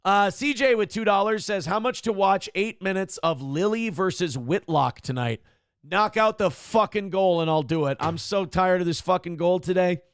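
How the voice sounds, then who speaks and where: A man's voice: sits high, moderate pace, clean tone, no echo, studio quality. A man hosting a live-streamed morning talk show, rambling and mocking in casual commentary and reading out donors' messages. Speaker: livestream show host.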